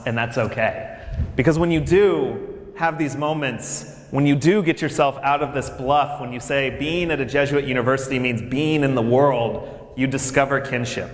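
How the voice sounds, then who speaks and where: A man who serves as campus minister for faith and justice welcomes new freshmen at orientation with a conversational, story-filled talk aimed right at the audience. He speaks at a medium pitch, and the large hall's echo lingers with long reverb.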